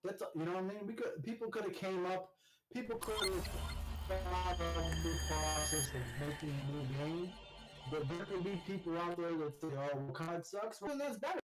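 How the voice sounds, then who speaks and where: A man co-hosting a casual gaming chat, telling stories in an animated way and rising loud when he quotes teammates. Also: high-pitched, normal speed, over music, low-quality recording. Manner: animated storyteller, shouts when quoting teammates. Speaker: podcast co-host.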